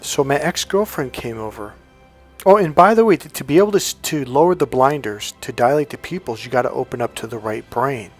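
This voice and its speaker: A man coaching on self-help, telling a personal story in a casual, animated monologue, often restarting his sentences. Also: mid-range voice, a little fast, slightly rough, soft background music. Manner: animated storytelling, breaks into loud acted-out dialogue; frequent restarts and stumbles.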